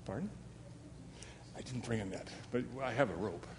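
A man's voice: on the low side, moderate pace, big-room sound, noisy background. A man telling a fable to a young live audience in a chatty, self-deprecating way, with asides to his listeners. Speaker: storyteller.

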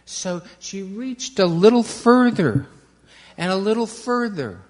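Slow storyteller in an echoing church. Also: mid-range voice, animated. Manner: slow, questioning the children, dramatic pauses. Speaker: children's message speaker. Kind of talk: storytelling to children in a service. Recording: long reverb, large hall.

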